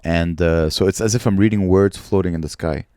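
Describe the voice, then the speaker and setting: A man's voice: low voice, a little fast, warm tone, smooth, no echo, studio quality. A man co-hosting a comedy podcast, chatting casually and teasing with crude jokes. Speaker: podcast co-host.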